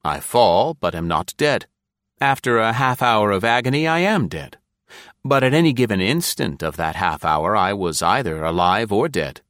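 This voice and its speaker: Brief: a man doing a condemned male spy, low voice, dry close sound, measured reasoning that cracks into shrill pleading. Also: animated, a bit bright, no echo. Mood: coolly reasoning. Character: calm captured male spy facing execution, coolly philosophical. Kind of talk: audiobook character reading.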